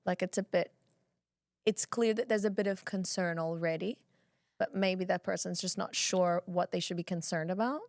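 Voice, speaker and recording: A woman co-hosting a casual chat, playful and jokey, quick to react. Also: on the low side, steady tone, a little mellow, no echo, studio quality. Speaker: podcast co-host.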